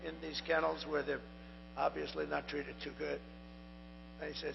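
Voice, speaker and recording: An older man with a strained, hoarse voice gives a rambling, repetitive rally speech into a podium microphone at a large venue. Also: a little high, level tone, moderate pace, pauses often. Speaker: political candidate. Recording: echoey lo-fi venue sound with mains hum.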